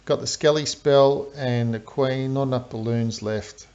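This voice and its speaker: A man giving casual live commentary on a strategy game, breaking down attacks with fillers and sudden bursts of excitement. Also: mid-range voice, unhurried. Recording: dull lo-fi stream audio.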